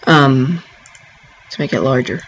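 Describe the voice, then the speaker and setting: A man giving a casual gameplay tutorial, rambling and halting, with frequent ums and restarts. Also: medium pitch, lively intonation, vocal fry, a bit bright, a little hiss or hum. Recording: dull lo-fi home recording.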